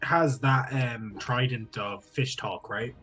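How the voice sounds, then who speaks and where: A man's voice: mid-range voice, slow, a bit bright, husky, dull audio. A man playing a tabletop game who chats casually, laughs often and narrates his character's actions. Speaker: player.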